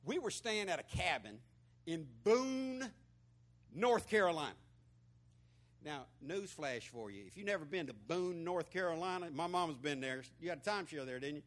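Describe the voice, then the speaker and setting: A pastor from Florida with a Southern twang preaches in a fairly high voice with lively intonation at normal speed. His conversational sermon is folksy and story-driven, full of repeated words.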